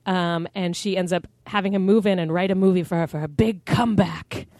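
A woman's voice: on the low side, fairly even intonation, a little fast, very noisy. A woman comedian guesting on a podcast, chatting casually in a rambling way. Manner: rambling, chatty, many fillers.

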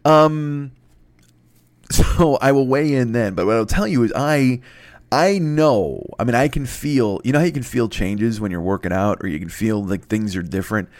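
Man, podcast host, rambling comic monologue, profane, self-mocking, stammering restarts, medium pitch, dry close sound. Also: normal speed, no echo.

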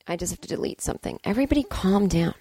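A woman's voice: medium pitch, animated, racing, dark tone, husky, no echo. A woman hosting a podcast from home, talking in a casual comedic monologue as she reads listener emails and rants bluntly, swearing freely. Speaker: podcast host.

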